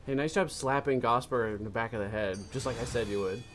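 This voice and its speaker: A man's voice: mid-range voice, a little fast, a bit bright, faint music behind. A man chatting casually during a multiplayer game, telling a long joke and laughing at his own jokes. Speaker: gamer.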